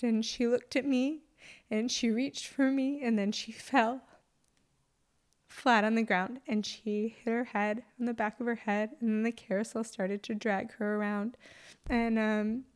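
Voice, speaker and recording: A young mother recounts a personal story in a slightly high voice. She speaks in an emotional, halting way, with restarts and fillers between her phrases. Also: a little mellow.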